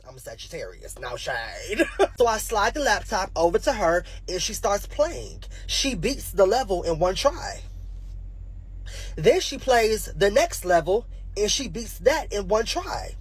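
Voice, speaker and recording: A man's voice: sits high, big pitch swings, measured pace, breathy edge. A man in his twenties telling a comic story from his childhood in a stand-up style, laughing at his own jokes and acting out the voices. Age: 20s. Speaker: comedian.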